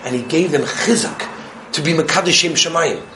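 A man giving a Torah lesson on the weekly portion, telling stories animatedly and moving between loud excitement and hushed tones. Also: fairly high pitch, a little fast, background noise. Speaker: Torah teacher.

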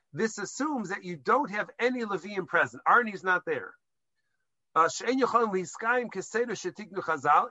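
A man's voice: high voice, bright, forceful tone, dry recording, dull audio. A man giving a Jewish law lesson to a class, explaining step by step and mixing Hebrew terms into English, with some hesitant restarts. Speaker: rabbinic lecturer.

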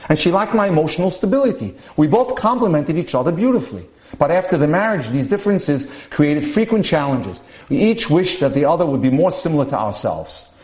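A man's voice: a little high, a little mellow. Man reading case studies, echoey room. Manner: measured reading with asides to listeners. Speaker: podcast speaker on dating and marriage.

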